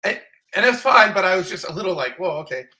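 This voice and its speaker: Man, middle-aged, fire captain guest, casual storytelling, animated, self-mocking, bright voice. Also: sits high, quick pace.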